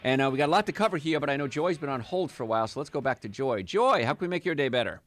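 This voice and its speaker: A man's voice: mid-range voice, lively intonation, rapid-fire, fairly bright tone, soft background music. A man hosting a call-in health radio show, chatty, upbeat and jokey, rambling from one point to the next. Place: radio studio.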